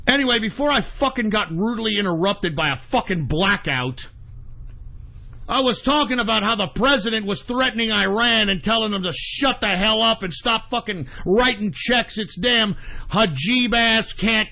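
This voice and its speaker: A man's voice: high voice, gravelly. A man hosting an internet radio show, ranting in exasperation, swearing heavily and repeating himself. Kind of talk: angry on-air rant. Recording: dull lo-fi stream audio.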